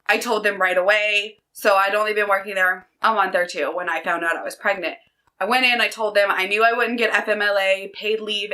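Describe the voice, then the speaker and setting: A woman's voice: mid-range voice, pushed and bright, rough recording. A woman in her thirties chatting energetically to camera, telling personal stories in an upbeat, chatty way. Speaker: book vlogger. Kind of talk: casual chat.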